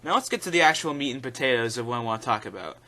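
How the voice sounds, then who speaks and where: Bright-voiced man giving rambling opinions. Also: medium pitch, expressive, racing. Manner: rambling, opinionated, with frequent fillers. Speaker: YouTube commentator. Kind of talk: casual opinion commentary.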